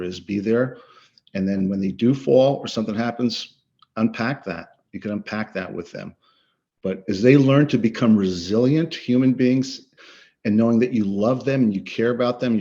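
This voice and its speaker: A man's voice: fairly low pitch, dark tone. A middle-aged man, a coach and guest speaker, talking earnestly and emphatically in an interview, often repeating words for stress. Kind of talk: interview conversation. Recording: slightly dull lo-fi audio.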